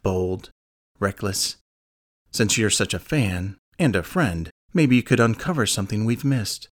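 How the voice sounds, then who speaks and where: A man's voice: lowish voice, animated, a little slow. A man voicing a guarded male investigator who asks blunt, probing questions. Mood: persuasive. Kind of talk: audiobook character reading.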